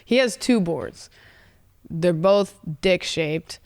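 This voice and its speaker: Smooth-voiced laughing storyteller woman. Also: on the low side, expressive, slow, a little mellow. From San Diego, California. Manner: rambling, swearing storyteller who laughs often. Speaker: podcast guest. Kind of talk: casual chat. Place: podcast studio.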